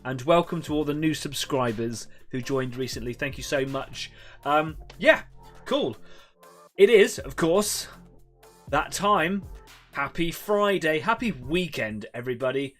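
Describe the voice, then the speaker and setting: A man hosting a live painting stream, chatting in a relaxed, rambling way to viewers while he works. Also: on the high side, a little slow, faint music behind. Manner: chatty, rambling, self-deprecating. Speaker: host of an online painting club stream. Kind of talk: casual live-stream chat.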